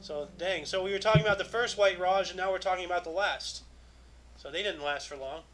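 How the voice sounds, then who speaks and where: A man's voice: high-pitched, brisk, a bit bright, low-quality recording. A man co-hosting a casual podcast, reading historical dates and rambling with lots of fillers. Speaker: podcast co-host. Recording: music playing underneath. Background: music.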